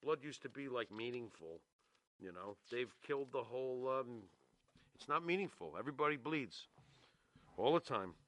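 A man's voice: medium pitch, expressive, normal speed, fairly bright tone, no echo. A man co-hosting a podcast, giving blunt, profane opinions in casual chat. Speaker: podcast co-host.

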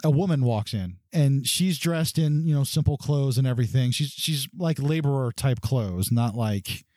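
A man running a tabletop role-playing game, narrating scenes in a loose, rambling way full of "you know" and "kinda". His voice is mid-pitched and mellow, and the sound is dry and close. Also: normal speed, no room sound. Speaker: game master.

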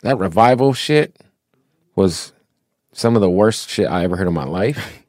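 A man's voice: sits low, lively intonation, normal speed, darkish tone, no room sound, studio quality. Blunt, profane man hosting a podcast. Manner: opinionated, blunt, loose and profane. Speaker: podcast host. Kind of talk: casual hip-hop podcast chat. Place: live podcast studio.

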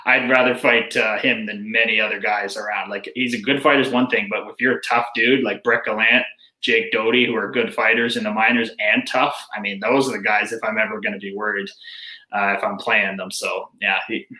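A young man, a professional hockey player, telling fight stories in a casual interview with blunt, animated talk. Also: fairly low pitch, a little fast, echoey room, poor audio. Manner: blunt, animated storytelling with swearing.

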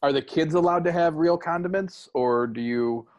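A man co-hosting a podcast, a gravelly-voiced talker who chats casually and teases his friend in joking banter. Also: on the high side, normal speed, a little mellow. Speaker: podcast co-host. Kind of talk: casual chat.

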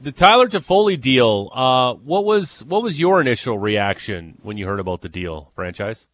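A man hosting a sports radio show in a studio, brisk and joking with his guests. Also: mid-range voice, big pitch swings, fairly bright tone. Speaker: radio host.

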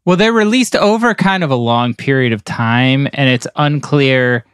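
A man's voice: medium pitch, moderate pace, a bit bright, smooth, dry recording, clean studio sound. Rambling man in his forties. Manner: rambling, heavy with fillers like "you know" and "like". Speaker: podcast co-host. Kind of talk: casual chat.

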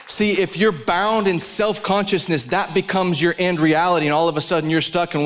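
A man's voice: a little high, steady tone, fairly quick, hardly any pauses. A man preaching a sermon at a live conference, telling stories intensely and with animation.

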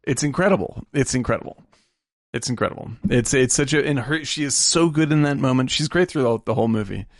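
A man with a gravelly, creaky voice talks through a favorite film scene in a casual podcast chat. He retells the moments with feeling and drops the odd curse. The sound is close and dry. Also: medium pitch, fast talker, no echo. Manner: animated retelling of film scenes, swears freely. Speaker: podcast co-host.

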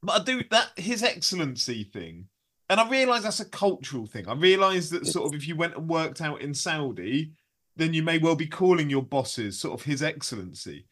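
A man chats on a casual podcast, telling stories with an amused, mocking edge. His voice sits a little higher than most men's. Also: big pitch swings, normal speed, a bit bright. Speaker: podcast co-host. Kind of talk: casual chat.

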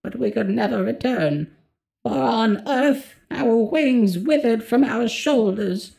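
A woman voicing an ancient, blind, tortured alien being that speaks slowly and falteringly in a sorrowful chant. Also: a little high, expressive, vocal fry, dark tone, exaggerated voice. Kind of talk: audiobook character voice.

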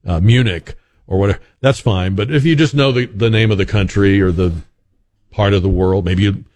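Low-voiced man hosting radio talk. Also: steady tone, a little fast, a little mellow. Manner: conversational, musing, frequent restarts and fillers. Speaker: radio talk show host.

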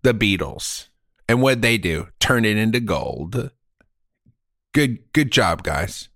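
Goofy riffing man, lively pitch. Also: takes it slowly, dry recording, clean studio sound. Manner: goofy, riffing, bursts of silly impressions. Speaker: podcast co-host. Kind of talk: improvised comedy banter.

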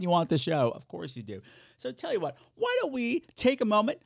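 A man hosting a solo podcast, chatting in an animated, campy way, swearing freely and talking to himself. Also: high-pitched, a little fast, gravelly, no echo, clean studio sound. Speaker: podcast host. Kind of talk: solo podcast chat, horror recommendations.

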